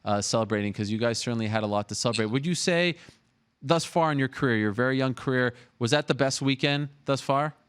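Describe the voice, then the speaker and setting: A man's voice: medium pitch, fast, a bit bright, clear, resonant tone. A man hosting a talk show, chatting casually and eagerly with fillers and restarts. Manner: chatty, upbeat, lots of fillers. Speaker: host.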